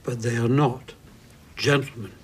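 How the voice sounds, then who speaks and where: A calm, measured older tailor in a film drama, played by an actor. He talks quietly at a middle pitch, with a faint hiss of noise under the dialogue. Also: lightly acted.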